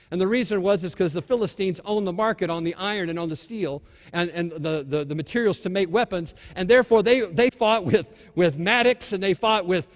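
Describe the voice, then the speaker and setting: Preacher guy, pretty high voice, fired up and exhorting, big reverby church hall. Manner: animated, exhorting, dramatizes scripture scenes. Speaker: pastor. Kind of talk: sermon.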